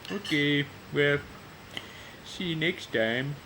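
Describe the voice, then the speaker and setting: A man's voice: pushed and bright, slight background noise, poor audio. A man rambling casually about his job, full of "you know" and chuckles, talking at home. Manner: meandering, constant "you know", chuckling, deliberately low-key. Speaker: video blogger.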